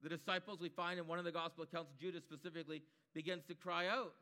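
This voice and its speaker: A man's voice: on the high side, level tone, quick pace, pushed and bright, long reverb tail. A man preaching a sermon, building his points through emphatic repetition.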